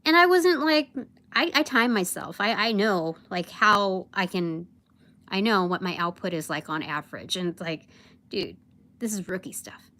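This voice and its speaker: A woman's voice: medium pitch, expressive, unhurried, sharp tone. A young woman telling a work story on a casual livestream, rambling with many fillers and acting out her boss's lines. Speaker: vlogger.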